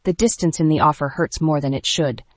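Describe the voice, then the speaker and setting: A woman narrating a first-person romance audiobook in a hushed, intimate way, recorded close and dry. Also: low voice, a little fast, no room sound.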